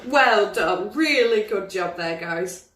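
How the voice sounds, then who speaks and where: A woman's voice: mid-range voice, lively intonation, takes it slowly, a bit bright, far from the mic. Encouraging woman teacher, roomy. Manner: encouraging, demonstrating many voices. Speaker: drama teacher. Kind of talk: instructional video for pupils. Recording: roomy, from the mic.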